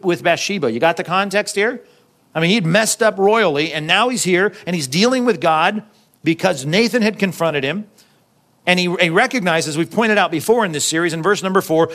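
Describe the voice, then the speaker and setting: A man's voice: fairly high pitch, a bit bright. A man preaching a sermon in a conversational way, often checking in with "right?" and acting out quoted lines. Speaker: pastor.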